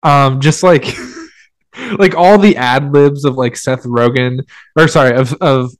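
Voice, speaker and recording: A man's voice: medium pitch, slow, dry recording, clean studio sound. A young man co-hosting a podcast, chatting casually about a film and peppering his talk with fillers. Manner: rambling, heavy with "like" fillers. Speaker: podcast co-host. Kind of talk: casual film review chat.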